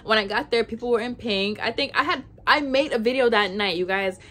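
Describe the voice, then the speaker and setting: A young woman vlogger telling a storytime in casual, animated chat, full of "like". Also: a little high, brisk. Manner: chatty, animated, says "like" a lot.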